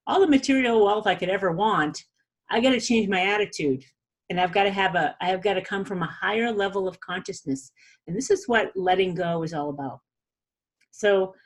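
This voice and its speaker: A woman's voice: mid-range voice, slightly rough. A woman hosting a podcast, giving a casual, chatty spiritual talk with frequent laughs and fillers. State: a little weepy. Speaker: podcast host.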